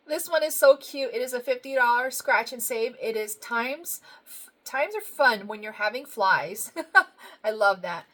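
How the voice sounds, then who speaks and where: A woman's voice: a little high, fairly bright tone. A woman budgeting vlogger chatting casually as she opens happy mail, gushing and effusive, full of thank-yous and little laughs.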